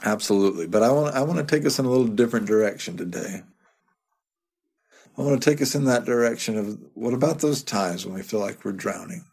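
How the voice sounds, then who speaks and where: A man giving a sermon as a pastor, talking in a conversational way, often repeating a word and adding quick asides. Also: on the low side, lively intonation, creaky, darkish tone, breathy edge. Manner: conversational, repeats words, chuckles to himself.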